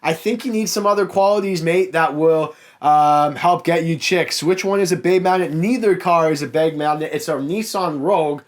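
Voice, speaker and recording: A man's voice: fairly high pitch, moderate pace, hardly any pauses. A young man with a Canadian accent from the Niagara area, a car salesman hosting a casual Q&A and frankly answering viewer comments in a chatty way. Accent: Canadian, Niagara Ontario. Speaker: car salesman and YouTube host.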